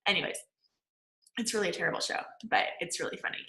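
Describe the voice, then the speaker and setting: A woman's voice: on the low side, fast, pushed and bright, reverberant, low-quality recording. A woman manifesting coach giving a casual online lecture, chatty and full of "like". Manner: chatty, peppered with "like" and laughs.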